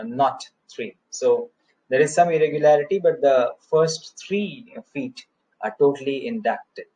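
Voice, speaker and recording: A man's voice: medium pitch, low-quality recording. A man teaching English poetry, reciting verse and counting out stressed and unstressed syllables, with frequent fillers. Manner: frequent "uh" and "you know" fillers. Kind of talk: lecture on poetic meter, reciting verse.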